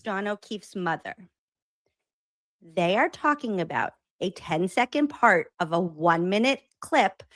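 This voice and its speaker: A woman's voice: mid-range voice, a bit bright, dry recording. A woman explaining herself in a played clip, emphatic and defensive, with swearing.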